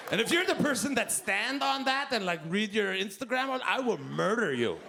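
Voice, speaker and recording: A man in his fifties with a Québécois French accent doing a loud, animated stand-up set, shouting his punchlines. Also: high voice, moderate pace, vocal fry, noisy background. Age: 50s. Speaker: stand-up comedian. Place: comedy club stage. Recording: live club with loud crowd laughter. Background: audience laughing.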